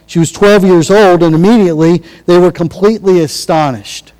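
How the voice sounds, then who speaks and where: A man's voice: high voice, normal speed, mellow, in a large hall, poor audio. A man preaching a sermon in a conversational way, acting out quotes as he goes. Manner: conversational, restarts and acted-out quotes. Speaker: pastor.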